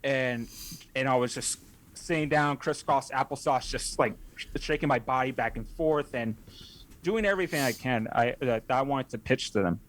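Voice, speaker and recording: A man's voice: mid-range voice, moderate pace, fairly bright tone. Rambling young man telling a story. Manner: rambling, many restarts and self-corrections. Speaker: podcast guest, haunt scare actor. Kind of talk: casual interview storytelling.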